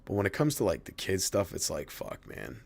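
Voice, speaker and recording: A man's voice: low-pitched, big pitch swings, quick pace, darkish tone. A man streaming a video game, chatting casually with viewers, profane and rambling but heartfelt. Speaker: gaming streamer. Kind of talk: casual stream chat while gaming.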